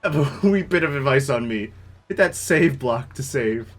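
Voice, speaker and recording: A man's voice: mid-range voice, expressive, normal speed, soft background music, natural voice. A man doing a brash dockside local.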